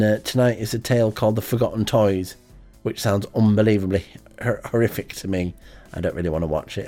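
A man hosting an amateur radio show in a rambling, hesitant, deadpan comic monologue full of ums. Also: fairly low pitch.

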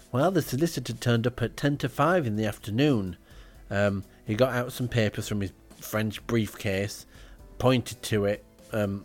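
A man's voice: lowish voice, a little mellow. A man with a dry, rambling manner, telling a comic audio diary at home as podcast host. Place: indoors, front room at home.

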